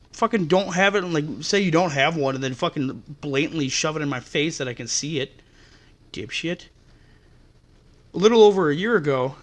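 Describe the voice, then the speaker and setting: A man's voice: a little high, a bit bright. A man hosting a podcast, telling customer-service stories in an exasperated, profane rant. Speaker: podcast host. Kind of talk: ranting storytelling.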